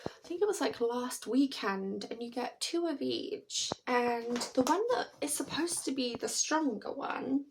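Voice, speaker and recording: A woman's voice: fairly high pitch, unhurried, background noise. A British woman chatting to camera at home in a rambling, chatty way, laughing often. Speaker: vlogger. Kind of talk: casual chat to camera.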